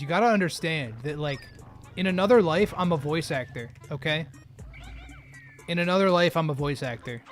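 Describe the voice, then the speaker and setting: Man streamer, slightly high voice, loose and rambly, jokey live chat, faint music under. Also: a bit bright. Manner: rambling, joking, often laughing at himself.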